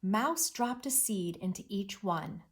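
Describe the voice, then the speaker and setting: A woman teacher giving an expressive, encouraging read-aloud reading lesson with lots of emphasis. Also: medium pitch, slow pace.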